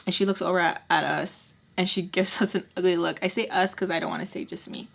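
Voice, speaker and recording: A woman's voice: fast, creaky. Chatty young woman telling a storytime. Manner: chatty, animated, acts out quoted people with big pitch jumps. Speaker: storytime vlogger. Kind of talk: casual storytime while doing makeup.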